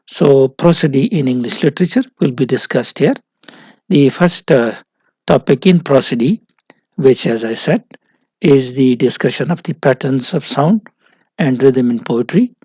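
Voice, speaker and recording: A male lecturer giving a recorded literature lesson, slow and methodical, pausing often on "uh". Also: mid-range voice, warm tone, breathy edge, no room sound, highs cut off. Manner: slow, methodical, frequent "uh" pauses.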